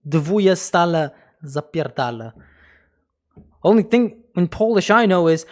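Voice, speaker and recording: A man's voice: a little high, expressive, moderate pace, a little mellow. A man streaming live, chatting casually, swearing often, joking and breaking into mock foreign phrases. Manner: laughs often between lines. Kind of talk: casual livestream chat.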